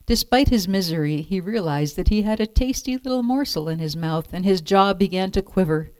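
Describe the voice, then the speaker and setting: A woman calmly reading a children's picture book aloud as storyteller. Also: mid-range voice, brisk, no room sound.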